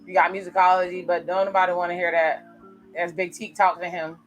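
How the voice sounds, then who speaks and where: A woman's voice: on the low side, level tone, fairly quick, soft background music. A woman giving chatty, casual reaction commentary on a TV episode as she watches it. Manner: chatty, reacts aloud while narrating scenes. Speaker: reaction video host.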